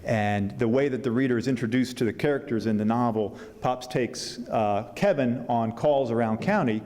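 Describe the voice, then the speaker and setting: A man, an author, reading a passage from his novel at a book fair symposium, with unhurried pacing and a few asides. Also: medium pitch, darkish tone. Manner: unhurried reading with fillers and restarts between passages. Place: symposium hall. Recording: long hall reverb.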